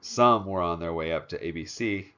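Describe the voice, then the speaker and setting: A man narrating a first-person audiobook in a steady, plain storytelling manner. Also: low voice, moderate pace, smooth. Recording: dull lo-fi recording.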